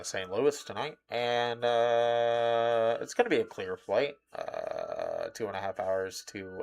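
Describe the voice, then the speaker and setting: A man doing a gravelly, drawling airline captain. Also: low voice, heavily acted. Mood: calm. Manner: slow, full of drawn-out "uh"s, calm about disaster. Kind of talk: comic impression.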